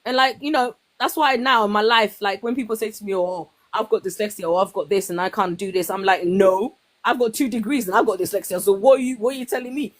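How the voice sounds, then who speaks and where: A young woman in casual conversation, telling her own stories in an animated way and acting out what other people said. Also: mid-range voice, fast, few pauses. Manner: animated storytelling, acts out quoted voices. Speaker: guest. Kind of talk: casual chat.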